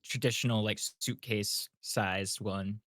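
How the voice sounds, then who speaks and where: A man's voice: on the low side, fairly even intonation, measured pace, fairly bright tone, dry recording, clean studio sound. A man describing his character's moves in a tabletop game, hesitant with many fillers.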